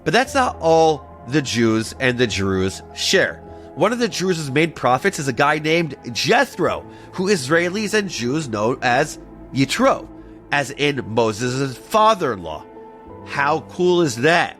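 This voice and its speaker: Animated man hosting a history show. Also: a little high, slow, faint music behind. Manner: playful, animated, jokey asides. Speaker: podcast host. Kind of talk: scripted history explainer.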